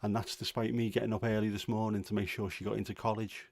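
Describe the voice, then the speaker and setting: A man's voice: lowish voice, flat delivery, fast, creaky, a little mellow, no room sound. A middle-aged man hosting a livestream from home, chatting casually in a grumbling, self-deprecating way. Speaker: livestream host. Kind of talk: casual chat.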